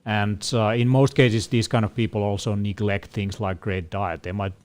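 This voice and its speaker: A man co-hosting a casual Q&A, explaining things in a measured way with frequent fillers. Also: on the low side, little pitch movement, darkish tone. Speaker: co-host answering questions. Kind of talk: casual panel Q&A.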